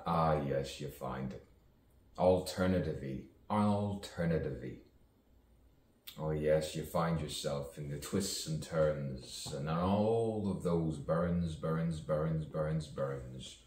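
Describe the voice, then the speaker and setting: A man's voice: a bass voice, slow, a little mellow, a little hiss or hum. A man improvising rambling, theatrical spoken-word musings, repeating words and chasing rhymes as he goes. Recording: echoey room, distant mic, faint ambience.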